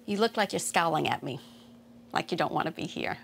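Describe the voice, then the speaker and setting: A woman therapist with a gravelly, creaky voice leads an intake session. She asks questions in a calm, patient, steady way, with a faint hiss behind her. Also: low-pitched, brisk.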